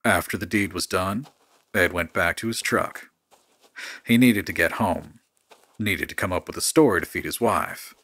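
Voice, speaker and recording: A man narrates a grim horror story in a steady, measured way. His voice is very deep yet bright and crisp in tone. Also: no echo, clean studio sound.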